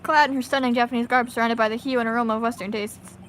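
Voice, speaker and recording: A cocky, smooth-talking male prosecutor who teases everyone in court, as a woman reads him out. The delivery is smug and drawling, in a bright, fairly high voice. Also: fairly even intonation, very fast, a little hiss or hum, lightly acted. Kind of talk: reading game dialogue aloud.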